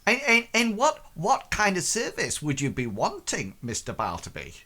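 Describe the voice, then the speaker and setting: A man's voice: fairly high pitch, huge pitch swings, moderate pace, sharp tone, voice pushed up, heavily acted. A man doing a prim, shrewd slum fixer woman. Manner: polite, dry, upper-class put-on speech.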